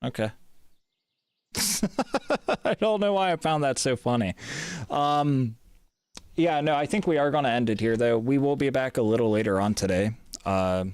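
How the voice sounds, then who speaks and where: A man streaming a game live, grumbling and swearing, his voice swinging between loud gripes and quiet mutters. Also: medium pitch, expressive, normal speed, clear, resonant tone, no echo, studio quality. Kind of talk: live gameplay chat.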